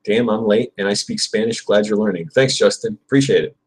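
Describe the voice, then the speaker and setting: A man's voice: lowish voice, brisk, breathy edge, rough recording. A young man on a livestream, practicing Spanish verb forms aloud and chatting casually with viewers in between. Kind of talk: casual livestream study session.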